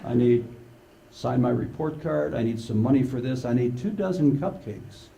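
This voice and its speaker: An older man voicing a child who rushes through a list of demands. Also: medium pitch, animated, vocal fry, mellow, voice pushed down, rough recording. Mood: pleading. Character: pleading young child asking parents for things.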